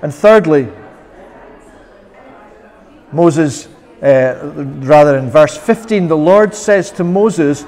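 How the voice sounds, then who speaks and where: A man's voice: fairly high pitch, slow pace, pauses often, a little mellow. A Scottish man preaching a sermon as minister, earnest, sometimes voicing prayers with sudden passion. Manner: earnest, quoting prayers in an impassioned voice. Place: church. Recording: long church reverb.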